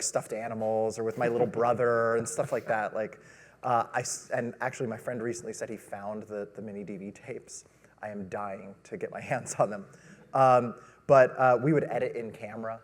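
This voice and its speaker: A man in his thirties, a director of photography, talking eagerly on an expo panel with lots of fillers. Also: fairly low pitch. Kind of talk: panel conversation. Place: stage at a trade expo. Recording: reverberant expo hall.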